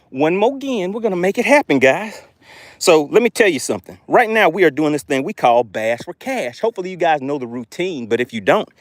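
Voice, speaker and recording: A man streaming live from a fishing boat, breathless and excitable, his voice leaping up and down as he calls out to his viewers. The sound is dry and close, with no room around it. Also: fairly high pitch, dry recording. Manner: excitable, keeps exclaiming and addressing viewers as guys. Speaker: fishing channel host.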